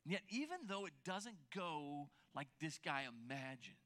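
Bright, high-voiced pastor preaching conversationally. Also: male voice, moderate pace. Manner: conversational, animated, with repeated restarts and swings from loud to near-whispered. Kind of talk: sermon.

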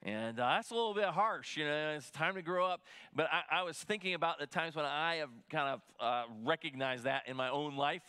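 A middle-aged man delivers a sermon as a pastor, loose and conversational, full of restarts. His voice sits a little high and sounds bright and forceful. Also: brisk, few pauses, smooth. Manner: conversational, many restarts and fillers. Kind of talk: sermon with personal story.

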